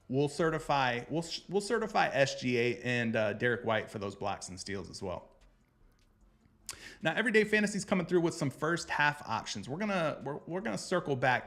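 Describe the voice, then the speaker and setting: A man's voice: medium pitch, sing-song, moderate pace, fairly bright tone. A man hosting a casual sports betting show, joking loosely with viewers and calling them brother as he runs through his picks.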